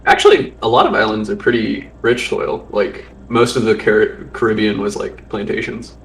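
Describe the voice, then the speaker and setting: Casting: a man as a rambling game master, mid-pitched, on a distant mic in an echoey room. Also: normal speed, vocal fry, a bit bright, slight background noise. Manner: rambling, hesitant, full of likes. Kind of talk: narrating a tabletop game.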